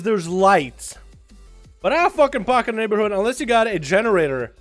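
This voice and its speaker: A man chatting casually on a game livestream, loose and profane, telling stories with animated swings in energy. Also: high-pitched, a little fast. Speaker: game streamer. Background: faint background music.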